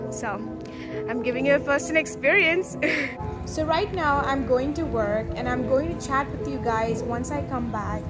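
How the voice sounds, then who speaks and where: A young woman with a high, light voice talks casually to her viewers in a student vlog. She sounds chatty and upbeat, and music plays behind her. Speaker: student vlogger.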